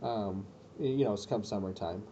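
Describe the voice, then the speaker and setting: A man's voice: fairly low pitch, moderate pace, mellow. A man co-hosting a casual chat, talking hesitantly with lots of ums and likes. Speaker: podcast co-host. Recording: dull lo-fi sound with faint noise.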